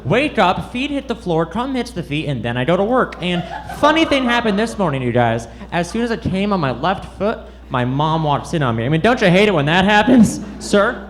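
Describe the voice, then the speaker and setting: A man performs stand-up on a comedy club stage, awkward and self-deprecating, deliberately stumbling over his lines. His voice is high-pitched and very animated, a little fast with few pauses. The live club recording carries loud audience noise.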